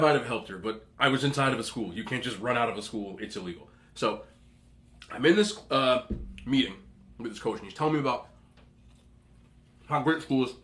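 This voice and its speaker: A man's voice: on the high side, a bit bright. A young man hosting an eating show, telling a rambling story casually with lots of asides and laughter. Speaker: mukbang host.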